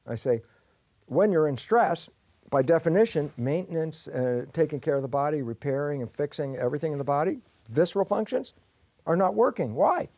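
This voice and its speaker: A man's voice: fairly high pitch, animated, moderate pace, mellow, no room sound. An older man explaining science in an interview, telling it as a story where he asks and answers his own questions. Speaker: guest expert.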